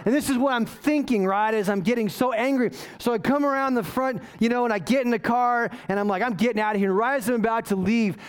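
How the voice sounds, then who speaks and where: A pastor telling a self-mocking story in a sermon, animated and often asking "right?". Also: male voice, very high voice, quick pace, few pauses, clean tone. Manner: self-mocking, waves arms while talking.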